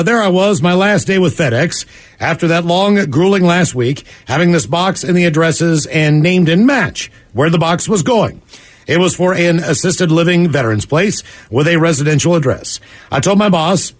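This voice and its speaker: A man with a somewhat high voice hosts a radio show and reads listener emails out loud. His delivery is lively and conversational, with quick asides between the stories. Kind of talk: reading listener emails on air.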